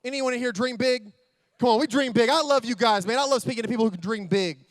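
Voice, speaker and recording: A man giving an energetic motivational speech, telling stories and talking straight to the audience. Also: very high voice, fast, no room sound. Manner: energetic, storytelling, talks directly to the audience. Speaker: motivational speaker. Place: hotel event hall with live audience.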